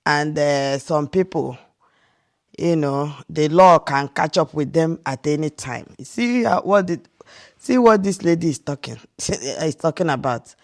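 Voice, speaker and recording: A woman's voice: low-pitched, unhurried, darkish tone. A Nigerian woman from Nigeria giving casual reaction commentary as a vlogger, incredulous and rhetorical, often restarting her sentences.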